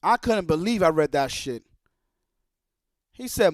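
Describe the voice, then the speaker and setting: A man's voice: high voice, big pitch swings, moderate pace, pauses often, a bit bright, dry recording. A man streaming live, ranting in a profane, heated and repetitive way. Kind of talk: livestream rant.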